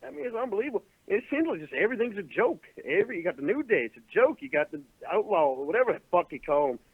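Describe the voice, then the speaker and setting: A man calling in to a live show to complain at length, talking quickly and swearing freely. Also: sits high, husky, no echo. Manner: fast animated complaining, turns abusive. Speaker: caller. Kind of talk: call-in rant. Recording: tinny phone line.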